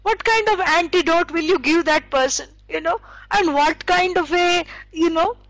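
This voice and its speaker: A woman's voice: very high-pitched, normal speed, a bit bright, no room sound, poor audio. A woman teaching scripture, explaining with stories and acted quotes, using many fillers. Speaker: spiritual teacher. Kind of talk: scripture lecture.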